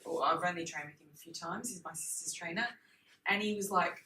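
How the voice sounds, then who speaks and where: A woman's voice: medium pitch, fast talker, bright, forceful tone, distant mic. A woman taking part in a workshop, chatting and recounting a story to the group. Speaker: workshop participant. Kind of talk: casual group discussion. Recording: echoey room with faint noise.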